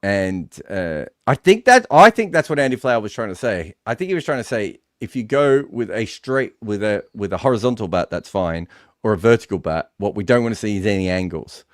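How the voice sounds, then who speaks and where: A man co-hosting a live sports watch-along, giving relaxed, reflective analysis of the play. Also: fairly low pitch, a little fast, no room sound, studio quality. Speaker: co-host and analyst.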